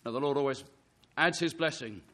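A man's voice: medium pitch, fairly quick, bright, forceful tone, slight background noise. A man preaching an earnest sermon, reading scripture and pressing his listeners with emphatic rhetorical questions.

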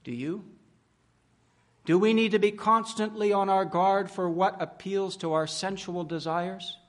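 A man preaching a sermon at a conference, building up emphatically with slowed, stressed words and rhetorical questions. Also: sits high, steady tone. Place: conference hall.

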